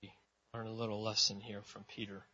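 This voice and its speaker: A man's voice: fairly low pitch, little pitch movement, a little fast, bright, forceful tone. A man preaching a casual sermon in a loose, chatty way, full of "like" and "you know". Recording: dull lo-fi sound.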